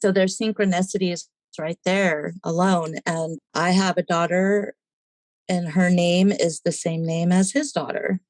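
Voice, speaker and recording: A woman's voice: on the low side, steady tone, measured pace, darkish tone, dry recording. A woman, a podcast guest, telling her personal story in a casual interview and animatedly acting out the voices in it.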